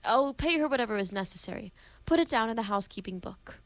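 A woman's voice: on the high side, lively intonation, fast, no room sound, close to an everyday voice, rough recording. A woman reading the part of a domineering male professor in an amateur play reading, brusque and theatrical. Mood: imperious.

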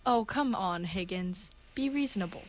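A woman reading the part of a good-humored gentleman, mildly remonstrating. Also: mid-range voice, lively intonation, normal speed, a little hiss or hum, lightly acted. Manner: mild, remonstrating.

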